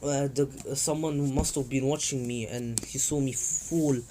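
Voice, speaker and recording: A man's voice: mid-range voice, fairly even intonation, unhurried, mellow, a little hiss or hum, natural voice. Brief: a guy doing an eager young adventurer, earnest and grateful, close to his own voice.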